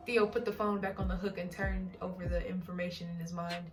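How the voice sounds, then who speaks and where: A woman reads a novel aloud in a relaxed, casual way and often stops to crack jokes about the text. Her voice comes from a little way off the mic. Music plays clearly behind her. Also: lowish voice, moderate pace. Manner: reads aloud, breaks off to joke and laugh at the text. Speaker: book reader and channel host. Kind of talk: casual book reading with comedic asides. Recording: distant mic with background music.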